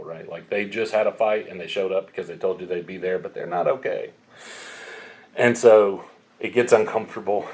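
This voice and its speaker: A middle-aged man preaching a sermon, telling stories bluntly with sharp, emphatic peaks. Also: low voice. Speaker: pastor.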